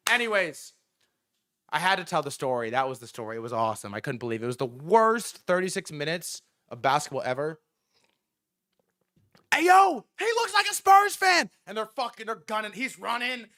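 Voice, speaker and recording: Young man, livestream host, excited rambling, high pitch, bright tone. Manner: breathless, rambling, lots of "bro" and restarts. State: sore voice from screaming.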